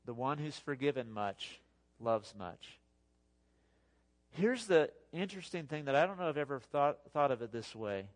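Male pastor, sermon, chatty and animated, mid-pitched. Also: moderate pace. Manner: conversational, animated preaching with asides.

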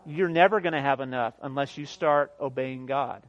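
A man in his thirties preaching a sermon as pastor, emphatic, swinging from near shouts to quiet, often asking "guess what". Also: medium pitch, moderate pace, muffled recording. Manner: emphatic preaching, rising to near shouts then dropping soft; repeats "guess what" and laughs at his own jokes.

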